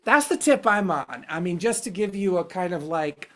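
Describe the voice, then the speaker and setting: A man hosting a podcast, talking through his ideas in a frank, rambling, searching way. He swears casually and circles back on his thoughts, keeping it relaxed and conversational. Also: high-pitched, moderate pace. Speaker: podcast host.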